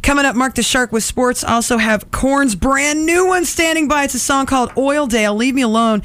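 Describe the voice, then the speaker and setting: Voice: high voice, moderate pace, a bit bright, no room sound. Upbeat radio co-host reading announcements. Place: radio studio. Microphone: studio microphone.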